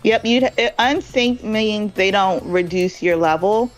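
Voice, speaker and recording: A woman on a voice chat patiently explains game mechanics to a friend in a casual, helpful way. Her pitch is mid-range, and faint music plays in the background. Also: unhurried, poor audio. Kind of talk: casual gameplay talk.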